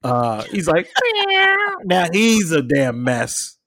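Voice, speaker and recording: A young adult man casually telling a story as podcast co-host, animated, swearing freely and acting out the people and cat sounds in it. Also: fairly high pitch, takes it slowly, gravelly, no room sound. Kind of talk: casual chat.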